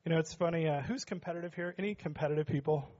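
Joking, high-voiced pastor preaching. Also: male voice, very fast, highs cut off. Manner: joking with the congregation, rising to shouts. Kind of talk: sermon. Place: church sanctuary.

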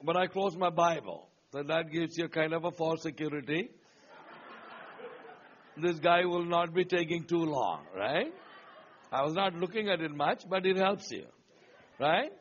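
A man's voice: a little high, unhurried, long pauses, lo-fi sound. A man preaching a sermon, retelling a story with repeated phrases and frequent calls of "Amen?" to the congregation. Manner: storytelling with rhetorical questions, calling "Amen?".

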